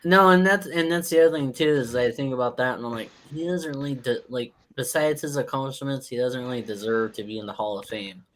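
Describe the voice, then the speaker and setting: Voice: medium pitch, a little fast, hardly any pauses. A panelist chatting casually, joking and mimicking other people's voices. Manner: lively, mimics voices, jokey. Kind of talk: casual chat.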